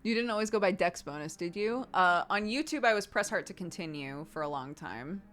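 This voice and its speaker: A woman in her thirties, a streamer casually answering chat questions in a relaxed, chatty way and laughing often. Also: on the low side, brisk, faint music behind.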